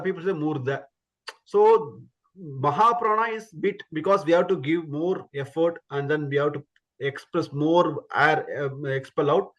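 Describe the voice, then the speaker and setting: Guy teaching sounds online, higher voice, repeats each syllable patiently. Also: measured pace, highs cut off. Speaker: Sanskrit pronunciation teacher. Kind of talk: online class instruction.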